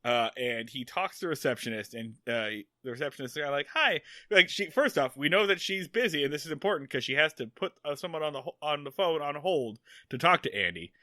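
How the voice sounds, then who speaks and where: Lively, very bright man, dry close sound. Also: fairly high pitch, brisk, few pauses, no echo. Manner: narrates the plot step by step, acting out characters' lines. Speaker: podcast co-host. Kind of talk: casual podcast chat.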